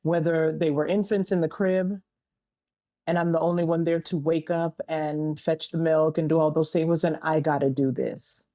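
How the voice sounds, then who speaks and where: A woman's voice: sits low, steady tone, moderate pace, warm tone. A middle-aged woman answering interview questions earnestly as an entrepreneur and single mother, often repeating a refrain and using analogies.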